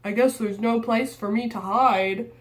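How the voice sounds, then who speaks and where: A woman reading a polite, gentle storybook dinosaur. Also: on the high side, steady tone, measured pace, close to an everyday voice. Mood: rueful. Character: friendly, polite, good-natured dinosaur.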